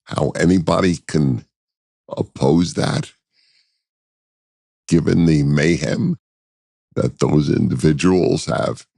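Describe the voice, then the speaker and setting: Very deep, slow, gravelly man. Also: warm tone, no echo, studio quality. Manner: deliberate, with frequent hesitations and restarts. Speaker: guest commentator. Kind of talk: conversational interview answers.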